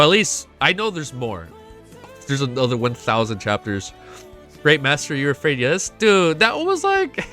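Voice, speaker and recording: A young man streaming a casual reaction, excitable and swearing often, laughing between remarks. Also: on the high side. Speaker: streamer reacting to a web novel. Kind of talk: casual live reaction chat.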